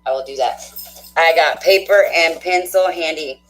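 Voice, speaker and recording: Low-voiced effusive woman hosting a stream. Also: normal speed, echoey room, soft background music, low-quality recording. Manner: effusive, laughs often, thinks aloud with fillers. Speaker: tarot reader hosting a live stream. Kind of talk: casual live-stream chat with viewers.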